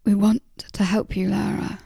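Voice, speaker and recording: A woman in a whispered role-play, voicing a gentle, weary middle-aged father who speaks slowly and kindly. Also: medium pitch, level tone, vocal fry, breathy edge, no room sound, studio quality, heavily acted. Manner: slow, measured, kindly.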